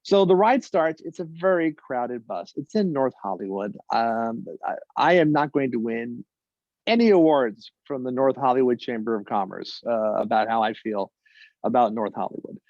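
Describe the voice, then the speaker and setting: A man's voice: mid-range voice, expressive, a little mellow, dry recording. A man tells a personal story to a live audience, dry and wry, often restarting his sentences. His voice sits in a middle range. The sound is dry and a little muffled. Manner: wry, halting delivery with many restarts. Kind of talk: personal story told on stage.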